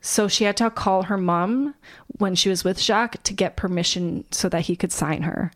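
A woman, co-hosting a podcast and retelling a life story in a relaxed, casual way with fillers. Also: medium pitch, normal speed. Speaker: podcast co-host.

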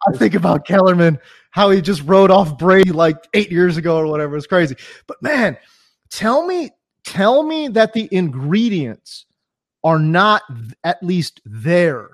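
Animated high-voiced male sports guest. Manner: animated, teasing, quick to laugh. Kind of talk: casual sports chat.

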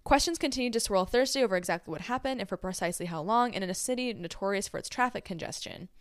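A woman co-hosting a casual celebrity news podcast, briskly reading news articles aloud. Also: mid-range voice, no echo, clean studio sound. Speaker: podcast co-host.

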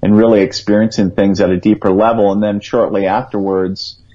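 Low-voiced man telling a story, lo-fi. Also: level tone, fairly quick, mellow, slightly rough. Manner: earnest, rambling, quotes his own thoughts aloud. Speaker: guest psychic medium. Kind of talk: conversational storytelling. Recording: dull lo-fi radio sound.

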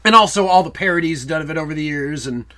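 Fast-talking and sharp in tone, this young co-host speaks on the high side. His casual film chat rambles, and he slips into put-on voices to quote movie lines he loves.

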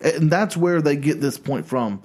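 A man co-hosting a podcast, chatting in an animated, emphatic way. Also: a little high, unhurried. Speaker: podcast co-host. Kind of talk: casual podcast chat.

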